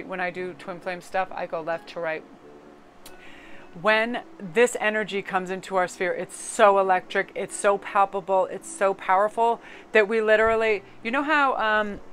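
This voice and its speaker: A woman's voice: mid-range voice, fairly bright tone, low-quality recording. A middle-aged woman from Connecticut giving a casual, chatty tarot card reading. She swears casually and slips into joke accents now and then. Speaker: tarot reader.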